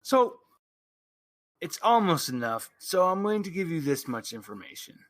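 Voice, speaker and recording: A man narrating a tabletop game as game master, describing scenes in halting bursts with frequent restarts. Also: a little high, very animated, fairly bright tone, no room sound.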